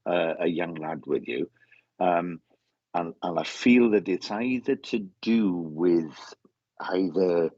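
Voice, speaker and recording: A man giving a mediumship reading, halting and repeating his words, calling the sitter mate. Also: deep voice, expressive, darkish tone, dry recording. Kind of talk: casual spoken reading. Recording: dull lo-fi sound.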